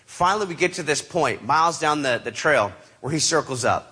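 A man tells a personal story with a bright, forceful voice that sits a little above the usual male pitch. He acts out the people in it with many shifts of tone. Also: brisk, slightly rough. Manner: animated, acts out quoted voices. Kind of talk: motivational storytelling.

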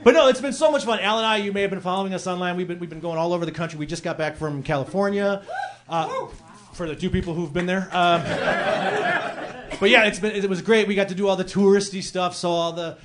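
A Chicago-area man in his forties performs a rambling, self-deprecating stand-up set, talking fast in a high voice and laughing through his lines. It was captured on a live club mic with crowd noise.

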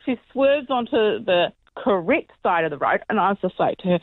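A woman's voice: lowish voice, brisk, background noise. A woman, calling in to a radio show and telling a story in a dramatic, breathless way. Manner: breathless, dramatic, acts out the voices in her story. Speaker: caller. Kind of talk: animated phone-in storytelling. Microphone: phone call. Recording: tinny phone line.

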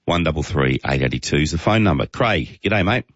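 A man's voice: a bass voice, expressive, moderate pace, muffled recording, a little hiss or hum. A man with an Australian accent hosting casual talkback radio, chatting and reading out listener texts with chuckles. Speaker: talk radio host.

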